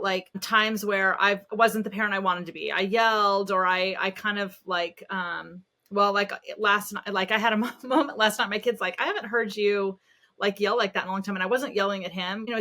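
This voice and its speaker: A middle-aged woman, a parenting expert guest on a podcast, telling stories in an animated, self-deprecating way. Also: medium pitch, fairly quick, few pauses. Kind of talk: casual podcast conversation.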